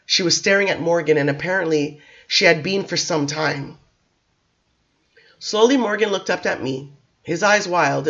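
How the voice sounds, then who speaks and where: A man reading a novel aloud in a measured, dramatic storytelling manner. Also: a little high, fairly bright tone, highs cut off. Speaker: reader.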